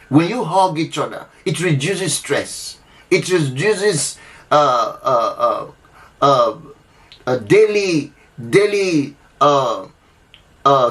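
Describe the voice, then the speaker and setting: An earnest man talks straight to his listeners, giving relationship advice in a somewhat high voice. He leans hard on key points, circles back to repeat them and keeps asking if they follow. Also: fairly bright tone. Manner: earnest, repetitive, emphatic, with frequent restarts and "all right?" check-ins. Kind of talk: unscripted advice talk to camera.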